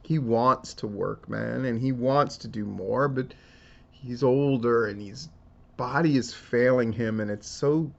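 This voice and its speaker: A man hosts his own commentary show, swearing freely and wandering from point to point in an emotional, rambling way. His voice sits at an ordinary pitch for a man. The recording sounds somewhat dull and lo-fi. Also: a little slow, vocal fry, darkish tone. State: tearing up. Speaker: wrestling news commentator. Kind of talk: casual solo commentary.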